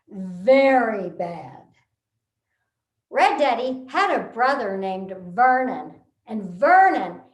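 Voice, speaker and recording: A woman from Texas giving a humorous storytelling speech, with an animated, punchline-driven delivery and deliberate pauses. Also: high voice, reverberant. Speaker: contest speaker.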